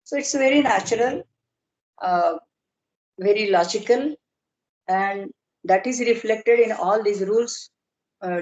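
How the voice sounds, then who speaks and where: A woman lecturing on grammar in a workshop, explaining slowly and deliberately with pauses and fillers. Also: mid-range voice, a little mellow, muffled recording. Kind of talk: academic lecture in an online workshop. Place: video call. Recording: roomy echo.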